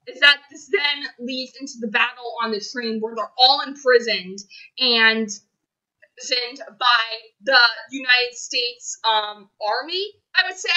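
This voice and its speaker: A young woman talks through a film review in a high, very bright voice. She gushes, repeats her phrases and sounds close to tears at times. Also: muffled recording. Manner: gushing, emotional, repeats phrases. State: choked up, near tears. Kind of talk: casual spoiler review monologue.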